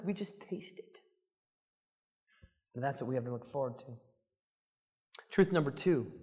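A male pastor preaching a sermon in a conversational, emphatic way, often checking in with "right?". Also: a little high. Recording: long reverb of a large hall.

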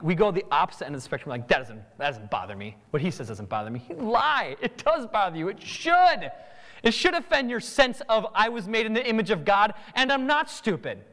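A man's voice: high-pitched, fairly bright tone, big-room sound. A man preaching a sermon, acting out both sides of everyday conversations. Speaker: pastor.

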